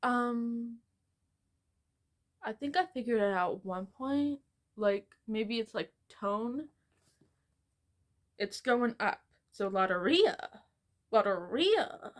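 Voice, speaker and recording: A woman's voice: on the high side, slow, pauses often. Rambling young woman chatting about books. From United States. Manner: rambling, self-mocking, says "like" often. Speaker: book vlogger. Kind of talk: casual book haul chat.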